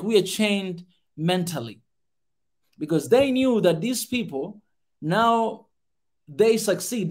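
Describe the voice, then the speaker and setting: A man's voice: sits high, a little mellow. A male podcast host giving passionate commentary on a video, emphatic and repeating his key words again and again.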